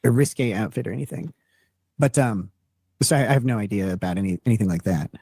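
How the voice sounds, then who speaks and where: A man's voice: on the low side, vocal fry, mellow, husky, no room sound, clean studio sound. Rambling man telling a story. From Minnesota. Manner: rambling, halting, lots of fillers. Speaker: streamer telling an anecdote. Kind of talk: casual storytelling.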